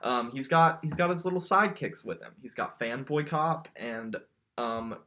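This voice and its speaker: A man's voice: mid-range voice, moderate pace, sharp tone. This man co-hosts a podcast with easy, joking chatter. He laughs freely and often trips over his words, repeating them as he goes. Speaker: podcast co-host. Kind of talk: casual chat.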